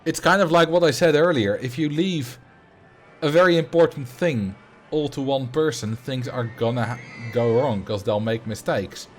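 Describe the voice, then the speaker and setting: A man talks casually over a live game stream, rambling along and answering his chat as he plays. He speaks into a desk microphone. Soft game music plays quietly behind his voice. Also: mid-range voice, normal speed. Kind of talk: casual live gameplay commentary. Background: faint game music.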